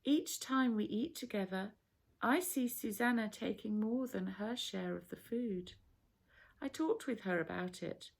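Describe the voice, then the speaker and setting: A calm, patient male teacher in a storybook reading, voiced by a woman. He explains things softly and unhurriedly, in a slightly gravelly tone. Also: mid-range voice.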